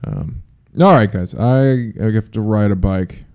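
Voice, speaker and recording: A young man hosts his podcast solo, rambling loosely from one riff to the next with plenty of swearing and jokes. His voice sits low and gravelly, with a dark, mellow tone. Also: a little slow. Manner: rambling, profane, jokey. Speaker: podcast host. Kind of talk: casual solo podcast chat.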